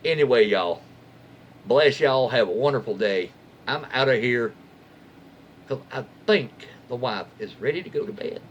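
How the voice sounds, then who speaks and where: A man's voice: mid-range voice, expressive, normal speed, pauses often, highs cut off, slight background noise. A man reading Reddit stories aloud as a YouTube host, casually breaking off for folksy, wry asides and jokes he censors himself. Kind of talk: casual story reading with commentary.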